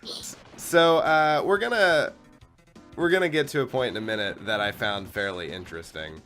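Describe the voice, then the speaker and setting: A man hosting a casual chat about retro games, laid-back and quick to chuckle. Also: mid-range voice, fairly bright tone, faint music behind. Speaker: podcast host.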